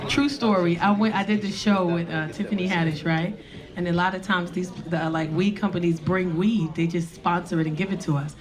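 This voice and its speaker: A woman's voice: lowish voice, fairly even intonation, a little fast, a crowd in the background. Brash woman doing stand-up. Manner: brash, profane, acts out the story. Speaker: stand-up comedian. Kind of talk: stand-up storytelling. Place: comedy club stage. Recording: live club with audience laughter. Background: audience laughing.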